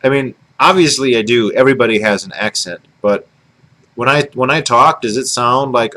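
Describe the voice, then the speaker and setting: A man's voice: medium pitch, moderate pace, sharp tone, poor audio. A man from Michigan with a Michigan accent, musing to his camera in a rambling vlog, full of fillers and self-corrections. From Michigan, United States. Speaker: video blogger. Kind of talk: casual talk to camera.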